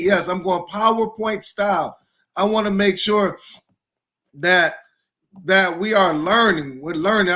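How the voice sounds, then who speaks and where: High-pitched and full of hype, this middle-aged man is a principal running an educational podcast live on stream. He hammers points home by repeating phrases and calls out viewers individually by name.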